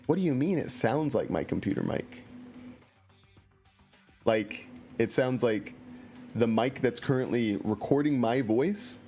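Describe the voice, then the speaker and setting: Playful, animated male game streamer. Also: medium pitch, unhurried, pauses often, faint music behind. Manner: playful, joking and self-mocking. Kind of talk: casual let's-play commentary.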